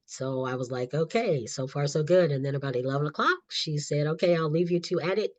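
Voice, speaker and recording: A woman's voice: very deep voice, no echo. A middle-aged woman, a guest author and counselor, telling her own story animatedly in a podcast interview and laughing often. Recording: slightly dull lo-fi audio.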